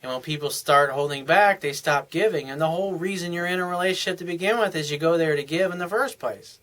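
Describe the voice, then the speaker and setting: A man's voice: a little high, quick pace. A man coaching on relationships in an earnest advice monologue, sometimes acting out what partners say to each other. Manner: earnest, acts out couples' dialogue in softer voices. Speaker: dating and life coach.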